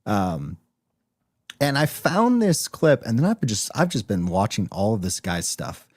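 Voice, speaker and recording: A man co-hosting a podcast, talking in a relaxed, casual way. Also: lowish voice, measured pace, husky, no room sound, clean studio sound. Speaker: podcast co-host. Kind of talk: casual chat.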